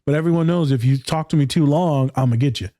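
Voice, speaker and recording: A man in a casual podcast chat, an animated storyteller who swears casually, talking about his work as a therapist. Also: fairly high pitch, quick pace, dry recording, studio quality.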